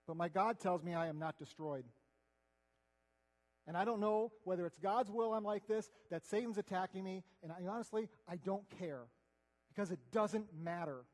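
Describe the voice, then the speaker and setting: Male preacher, earnest and conversational, high voice, reverberant hall. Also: normal speed. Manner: earnest, conversational, swings between loud and hushed. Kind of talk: sermon.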